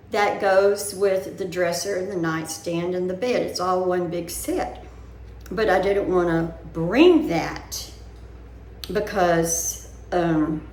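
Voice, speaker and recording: Chatty older woman in a roomy room. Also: medium pitch. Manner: chatty, rambling, talks her worries through. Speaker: vlogger. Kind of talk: casual chat. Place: her living room at home. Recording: roomy echo, faint room noise.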